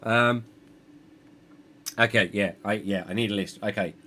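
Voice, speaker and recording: A man's voice: lowish voice, a little slow, sharp tone, slight background noise. A man streaming a city-building game, thinking aloud in a rambling, self-deprecating way. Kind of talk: live gameplay commentary.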